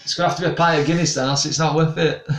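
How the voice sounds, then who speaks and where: On a live stream, a young paranormal investigator who runs his own channel reads viewer comments and chats casually. He speaks briskly in a higher, slightly bright voice with fairly even intonation, rambling and restarting often, picked up by a distant mic in an echoey room.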